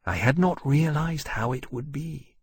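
A man's voice: a little high, unhurried, darkish tone, husky, no echo, pitched above the performer's own voice, heavily acted. A man voicing a large young male dragon, earnest and possessive, who speaks formally and measuredly in an audiobook. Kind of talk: audiobook narration.

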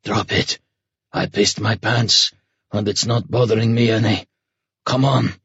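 A man voicing a gruff, steady man who bluntly calms his companion, in an audiobook. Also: fairly low pitch, a little slow, no echo, dull audio, heavily acted. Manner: blunt, matter-of-fact.

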